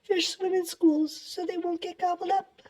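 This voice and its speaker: Storybook read-aloud: man in falsetto as a gentle, explaining female teacher, very high. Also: level tone, moderate pace. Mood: teacherly. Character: kind patient female schoolteacher.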